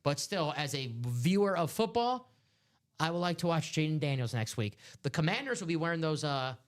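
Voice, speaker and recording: A man's voice: fairly high pitch, expressive, moderate pace. A man hosting a live stream, rambling through casual sports chat. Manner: chatty, rambling sports talk.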